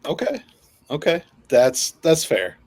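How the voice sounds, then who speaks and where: A man's voice: a little high, wildly swooping pitch, slow, a little mellow, dry recording. A man with a Wisconsin accent, co-hosting a casual podcast in a laid-back, joking way. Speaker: podcast co-host. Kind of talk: casual bar-style chat.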